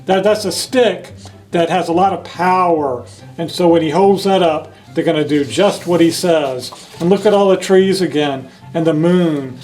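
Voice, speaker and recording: A man's voice: high-pitched, rough recording. A man reading a picture book aloud to children, going through each page in French and then in English, and stopping to point out what is happening in the pictures. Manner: gentle, explains the pictures to children. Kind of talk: children's storytime read-aloud.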